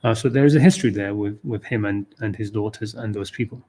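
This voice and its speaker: A man's voice: on the low side, quick pace, mellow, slightly rough. A man giving an unscripted livestream talk on a scripture verse, thinking aloud with frequent restarts and "okay, you know". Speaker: Qur'an teacher.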